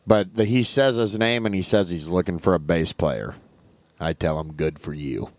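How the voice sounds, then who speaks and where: A man tells a story on a casual chat show with a dry, wry wit. His voice sits on the low side and sounds close and dry, with no echo. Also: steady tone, normal speed. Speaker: podcast co-host.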